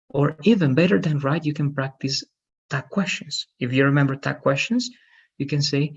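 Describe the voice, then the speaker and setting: Male English tutor, patient, gravelly and husky, dull online audio. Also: a little high, moderate pace. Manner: patient, repeats "right?" often. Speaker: English teacher. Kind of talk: online class feedback.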